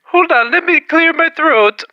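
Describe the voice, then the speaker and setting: A man putting on a sugary, high-voiced older male celebrity calling in by phone, saying "dear" a lot. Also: unhurried, bright, forceful tone, muffled recording, exaggerated voice. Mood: syrupy. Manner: sweet, calls the listener dear. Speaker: prank caller.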